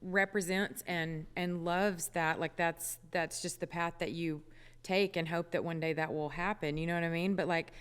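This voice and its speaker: A woman's voice: lowish voice, fairly even intonation, normal speed, clean tone, in a large hall. A woman singer chatting as a radio interview guest, with many fillers and laughs, in a studio. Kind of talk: casual radio interview chat.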